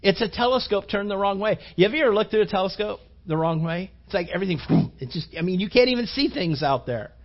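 A male preacher with a notably high voice speaks to a room of young men, rambling through stories with fillers and questions thrown at the crowd. The sound is dull and lo-fi, like an older recording. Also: animated, fast talker, hardly any pauses. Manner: rambling, chatty, many fillers and rhetorical questions.

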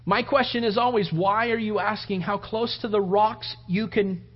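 Preaching as pastor, a man speaks at a moderate pace in a high-sitting voice with fairly even intonation. His sermon is conversational and repetitive, and he voices the characters as he tells the story. It comes through a dull lo-fi recording.

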